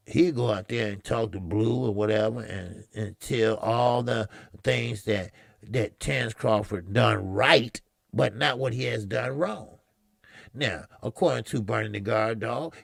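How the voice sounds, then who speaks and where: A man's voice: mid-range voice, creaky, no room sound, clean studio sound. A man hosting a boxing talk stream, rambling and profane, repeating himself as he talks. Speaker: boxing show host. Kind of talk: casual live-stream commentary.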